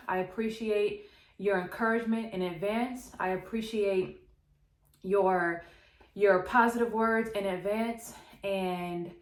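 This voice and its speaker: Emotional, hesitant young woman vlogger. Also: mid-range voice. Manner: emotional, hesitant, sighing and laughing between thoughts. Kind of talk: emotional personal vlog to camera. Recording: echoey room.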